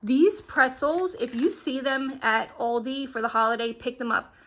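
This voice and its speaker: A woman's voice: sits high, fairly even intonation, moderate pace, a bit bright. A young woman chatting at home about her grocery bargains, a little out of breath as she unpacks. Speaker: vlogger. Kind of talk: casual grocery haul chat. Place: at home, kitchen.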